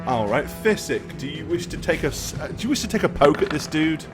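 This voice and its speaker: A man's voice: a little high, very animated, a little fast, loud music behind the voice. A man running a tabletop game as game master, narrating rolls and actions with laughs.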